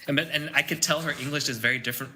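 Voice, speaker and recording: A man's voice: a little high, fairly even intonation, racing, background noise. A man co-hosting a casual podcast, ranting about pet peeves and swearing freely. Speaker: podcast co-host.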